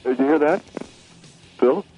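A man's voice: on the high side, measured pace, creaky, over music. A male caller arguing heatedly on a radio show, interrupting and repeating himself. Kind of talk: heated radio call-in argument. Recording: tinny phone line.

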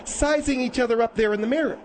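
Woman doing a mild calm wife co-host, smooths things over, faint hiss. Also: a little high, fast, close to an everyday voice. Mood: placating. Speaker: radio co-host.

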